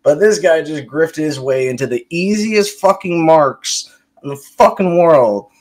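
Brief: man, heated sarcastic commentary rant, heavy swearing, voice sits a bit high. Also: a little slow, darkish tone. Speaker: commentary host. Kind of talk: ranting political commentary.

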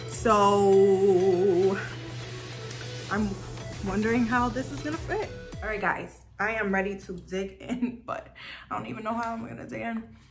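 A woman's voice: on the high side, brisk, faint music behind. A woman chatting casually in a cooking vlog, rambling with lots of fillers while she makes food at home. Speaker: vlogger.

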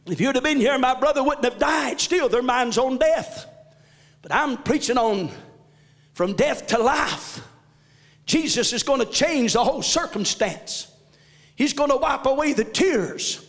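A male pastor preaching a fervent sermon in a church, often shouting. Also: very high voice, long reverb tail. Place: church sanctuary.

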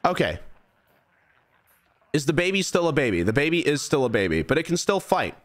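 A man's voice: on the high side, big pitch swings, a little fast. A young man streaming a game, animatedly bossing his creatures around as he plays. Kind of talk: live gameplay commentary.

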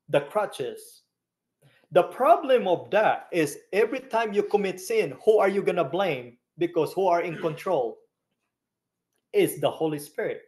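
Slow-preaching man with a higher voice. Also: darkish tone. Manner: teaching Bible study, questions the congregation. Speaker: pastor. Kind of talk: sermon.

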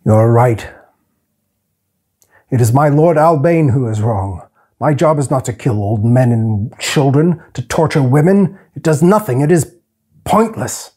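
A man's voice: mid-range voice, unhurried, warm tone, slightly rough. A man reading aloud, voicing a hard, bitter soldier captain who talks in curt, harsh bursts. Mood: troubled, angry.

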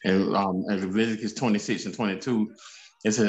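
A man preaching with halting, stammering restarts, and he reads scripture aloud. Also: fairly low pitch, fairly even intonation. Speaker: prophet. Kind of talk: preaching on a prayer broadcast. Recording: echoey room.

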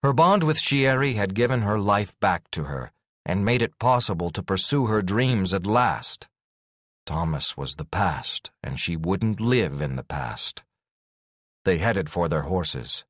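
A man narrating a fantasy audiobook in an expressive storytelling manner. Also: low voice, measured pace, dry recording, clean studio sound. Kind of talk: scripted narration.

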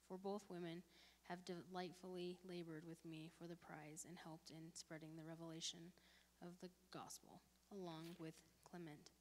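A woman reads scripture aloud at a church gathering, steady and careful. Her voice sits a little low. It rings in a reverberant hall. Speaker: congregation member reading scripture. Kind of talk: scripture reading.

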